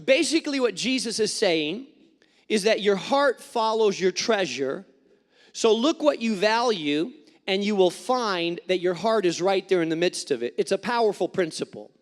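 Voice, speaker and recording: A male pastor delivers a sermon in a reverberant church sanctuary, where his words ring out with a long tail. His voice sits high for a man. He tells stories with animation and acts out the people in them. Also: normal speed. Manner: animated storytelling with acted-out quotes.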